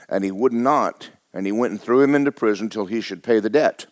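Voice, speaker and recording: A man's voice: fairly low pitch, fairly quick, no room sound, studio quality. A man preaching a sermon as pastor, talking to his congregation with rhetorical questions. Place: church sanctuary.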